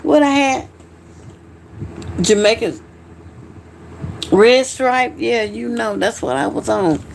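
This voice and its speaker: A woman's voice: medium pitch, slight background noise. A woman hosting a casual late-night livestream, tipsy and hiccuping, chatting loosely with viewers and swearing freely. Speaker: livestream host.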